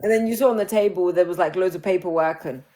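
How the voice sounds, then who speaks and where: A grieving woman, talking openly on a phone livestream from home in a halting, emotional way. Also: on the low side, dark tone, slight background noise. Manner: open and emotional, halting restarts. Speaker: livestream host. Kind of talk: candid live chat.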